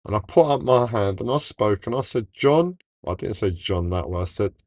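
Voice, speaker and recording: A man with a fairly low voice tells a personal story on a livestream. He rambles, cuts himself off and starts over, and his feelings come through. The sound is dry and close, with no room echo. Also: a little fast. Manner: emotional, rambling, self-interrupting. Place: home, livestream.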